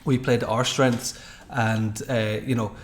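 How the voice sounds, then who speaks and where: A man co-hosting a football podcast, telling match stories with quick enthusiasm. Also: mid-range voice, flat delivery. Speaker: podcast co-host. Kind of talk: casual football chat.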